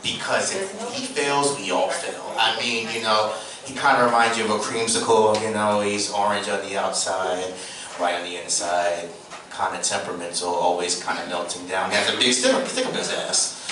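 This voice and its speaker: A man emcees a comedy night in a low voice, rambling through loose, crude jokes. The sound comes from a distance in a very echoey club, with steady room noise behind. He talks in casual stand-up banter. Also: normal speed. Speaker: host.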